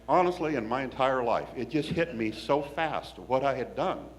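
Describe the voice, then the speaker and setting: A man from Washington State, telling a personal story in an animated, folksy, wry way. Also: medium pitch, normal speed, hardly any pauses, slight background noise.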